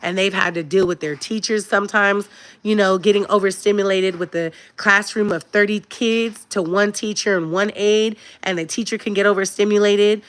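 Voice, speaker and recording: A woman's voice: mid-range voice, steady tone, moderate pace, clear, resonant tone. A woman, giving parenting advice to her viewers in a chatty, emphatic way. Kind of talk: casual direct-to-camera advice talk.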